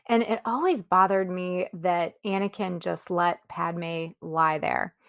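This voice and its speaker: A woman's voice: fairly low pitch, gravelly, a bit bright, no room sound, studio quality. A woman co-hosting a podcast, talking over a film in a reflective, casual chat. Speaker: podcast co-host.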